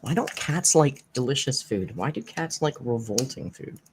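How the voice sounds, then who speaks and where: A woman from Canada hosting a casual live stream from home, chatty and laughing often as she tells stories with dark humor. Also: a bass voice, expressive, normal speed, background noise. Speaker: YouTube commentary host. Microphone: headphones with desk mic.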